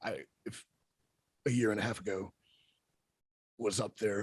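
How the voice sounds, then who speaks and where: A husky man with a fairly low voice tells stories in a casual interview. He is blunt and animated and swears freely. The sound is close and dry. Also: moderate pace, long pauses, no room sound. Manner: blunt, profane, animated storyteller. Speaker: wrestler guest.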